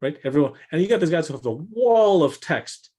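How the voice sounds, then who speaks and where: A man co-hosting a casual business chat, telling stories with animated swings in pitch and often repeating words as he thinks. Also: a little fast. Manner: animated storyteller, jumps in pitch for quoted voices. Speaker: podcast co-host.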